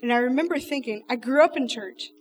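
A woman's voice: high-pitched, a little fast, distant mic, faint music behind. A woman telling an emotional personal testimony, earnest and emphatic, speaking straight to the audience.

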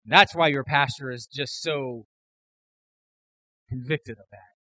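A man preaching a sermon as pastor, emphatic, building to loud repeated declarations. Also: medium pitch, slow pace, dry recording, low-quality recording.

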